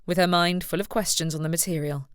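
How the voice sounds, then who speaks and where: A woman narrating an audiobook in an even, measured reading. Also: on the low side, clean tone, no room sound, clean studio sound. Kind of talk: scripted narration.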